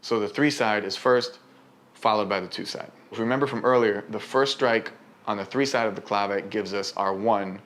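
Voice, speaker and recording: A man's voice: fairly low pitch, normal speed, a bit bright. A man explaining rhythm and counts as a dance instructor, sometimes counting beats and vocalizing patterns aloud.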